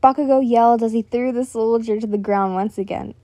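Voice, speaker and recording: Brief: woman reading fan fiction aloud, casual, mellow voice, dry close sound. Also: a little high, steady tone, a little fast, no room sound. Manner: casual, corrects her own slips aloud.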